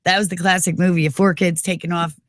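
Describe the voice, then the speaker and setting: A woman's voice: lowish voice, little pitch movement, fast, no echo, clean studio sound. A woman in her forties from New York, co-hosting a radio morning show and talking emphatically, sprinkled with "you know". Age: 40s. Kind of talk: casual talk radio chat. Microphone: studio mic.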